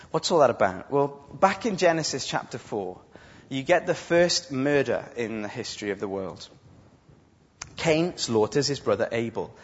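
A man's voice: medium pitch, breathy edge. A man preaching an impassioned, emphatic sermon, acting out quotes as he goes. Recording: dull sound with long hall reverb.

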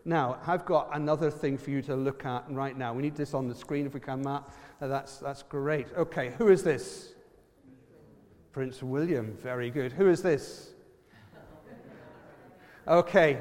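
A man with an Irish accent preaching a lively sermon, quizzing the congregation and using props. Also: mid-range voice, unhurried, in a large hall.

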